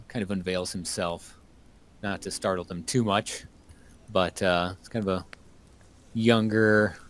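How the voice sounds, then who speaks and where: A man's voice: sits low, slight background noise. A man casually describing his character's actions in a tabletop game, with hesitant fillers. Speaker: player.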